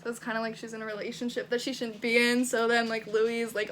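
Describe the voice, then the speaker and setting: A woman's voice: on the high side, little pitch movement, quick pace, fairly bright tone, slight background noise. A young woman vlogging casually, reading her old teenage writing aloud, swearing freely and laughing at herself. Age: young adult.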